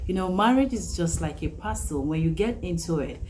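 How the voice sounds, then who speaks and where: A woman teaching an English vocabulary lesson, repeating each phrase slowly and with emphasis. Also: on the low side, big pitch swings, darkish tone, a little hiss or hum, low-quality recording.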